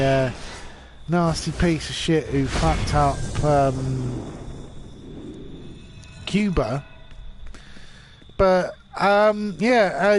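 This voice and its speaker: Drunk forties streamer, rambling and cursing, high voice, slow delivery. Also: male voice, a little hiss or hum. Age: 40s. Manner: rambling and swearing. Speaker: game streamer. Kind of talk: rambling drunk commentary while gaming.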